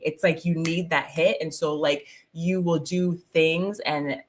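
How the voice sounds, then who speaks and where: On a casual livestream, a woman spiritual coach chats in a low, expressive voice at normal speed with few pauses. She laughs often, greets viewers by name, and fills her speech with "like" and "um."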